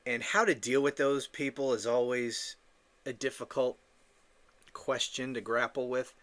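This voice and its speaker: A man's voice: mid-range voice, fairly even intonation, measured pace, a bit bright. A man hosting a political podcast, ranting in an indignant, profane monologue with stammering restarts. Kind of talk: opinion monologue.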